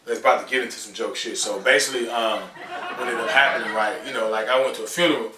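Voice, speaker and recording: A man doing a stand-up comedy set, telling slangy, profane stories and squealing loudly when he acts out scenes. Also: mid-range voice, fairly even intonation, fast, noisy background. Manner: loud squealing voices when acting out scenes. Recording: roomy live venue, distant from mic.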